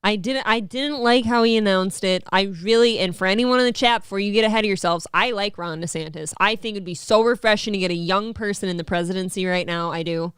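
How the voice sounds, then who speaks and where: A woman's voice: mid-range voice, fast talker, hardly any pauses, fairly bright tone, clean tone, dry recording. A woman co-hosting a morning talk show, chatting casually and giving firm, emphatic opinions. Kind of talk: casual chat.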